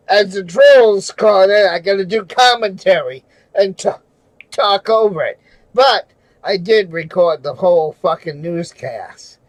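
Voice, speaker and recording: A man ranting angrily on a livestream from home at night, swearing constantly and shouting. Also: high-pitched, no room sound, low-quality recording. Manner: furious, profane, shouting. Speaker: livestreamer and auditor. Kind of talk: angry livestream rant.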